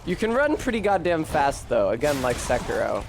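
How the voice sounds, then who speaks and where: A man's voice: a little high, very animated, normal speed, vocal fry, background noise. A man streaming a video game, giving casual, profane commentary, talking back to the game and to his chat.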